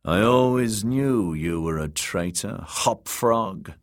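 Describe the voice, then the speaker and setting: A man voicing a lazy young nobleman with a soft, sly way of speaking. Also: deep voice, animated, takes it slowly, no room sound, studio quality, full character voice.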